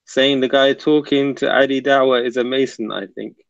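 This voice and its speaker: Gravelly man hosting a casual livestream. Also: mid-range voice, fairly even intonation, moderate pace, dry recording. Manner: chatty, mutters while setting up links. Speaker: livestream host. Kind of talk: casual livestream chat reading comments. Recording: dull lo-fi dry sound.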